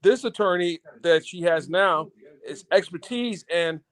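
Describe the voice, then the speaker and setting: High-voiced man calling into a live show. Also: unhurried. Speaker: caller guest. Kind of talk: casual call-in chat.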